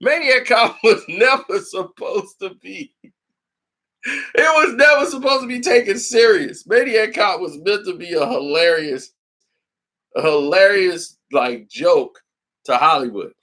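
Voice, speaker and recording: A man's voice: sits high, lively intonation, measured pace, bright, forceful tone. A man from Chicago hosting a casual horror movie livestream, laughing often and acting out scenes as he talks.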